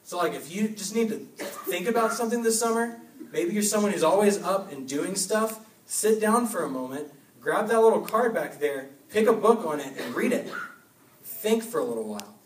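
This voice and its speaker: A young man giving an energetic youth sermon, urging with short repeated commands. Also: high voice, normal speed, slight background noise. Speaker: youth pastor. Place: church hall. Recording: echoey hall, mic from a distance.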